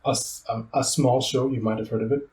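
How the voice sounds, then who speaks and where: A man's voice: mid-range voice, fairly even intonation, a little fast, darkish tone. A man co-hosting a podcast in casual chat, teasing and joking with his co-host. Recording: roomy, with faint ambient noise.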